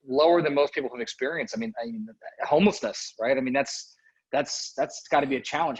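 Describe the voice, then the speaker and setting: A man's voice: mid-range voice, slightly rough, dull audio. A man hosting a podcast, asking questions in a casual way with plenty of fillers. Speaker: podcast host. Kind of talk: interview.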